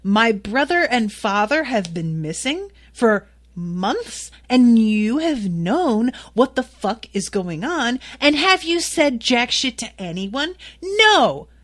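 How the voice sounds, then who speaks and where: A woman's voice: a little high, very animated, slow, few pauses, heavily acted. A woman voicing a furious teenage girl who sarcastically tears into her boyfriend while swearing. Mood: angry, sarcastic.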